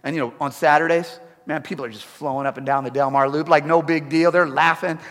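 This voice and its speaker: High-voiced preacher with lively delivery. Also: male voice, fast. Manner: animated, repetitive, humorous asides. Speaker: pastor. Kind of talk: sermon. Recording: echoey hall.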